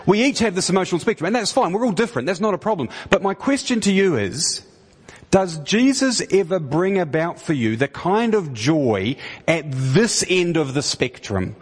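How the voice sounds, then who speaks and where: Man, sermon, husky voice, long church reverb, restarts and pointed questions. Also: sits high. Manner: conversational, many restarts, rising to emphatic questions. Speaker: preacher.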